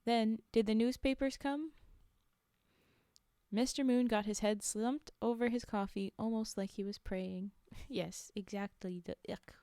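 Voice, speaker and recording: A woman's voice: fairly high pitch, fairly even intonation, measured pace, warm tone, smooth, no room sound, clean studio sound. A woman streamer reading a story aloud, breaking off for chatty, laughing asides to her chat.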